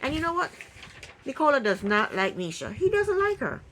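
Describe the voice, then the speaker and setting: A woman recapping a reality TV episode in casual talk, opinionated and indignant, with quick asides. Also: high voice, very animated, fairly bright tone, a little hiss or hum, low-quality recording.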